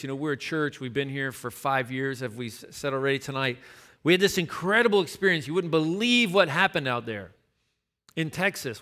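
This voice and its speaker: A man's voice: fairly high pitch, bright, forceful tone. A man, a pastor, preaching a sermon in a conversational storytelling way, repeating words for emphasis.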